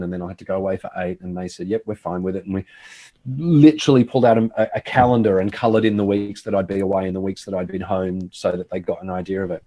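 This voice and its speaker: A man's voice: low-pitched, mellow. A middle-aged man, a TV host, telling a reflective story in casual conversation.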